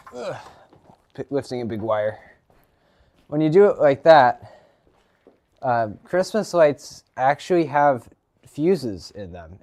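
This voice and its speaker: A man's voice: medium pitch, darkish tone. Rambling teenage guy streaming live. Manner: rambling, lots of ums and restarts. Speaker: livestreamer. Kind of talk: casual live stream chat. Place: home garage.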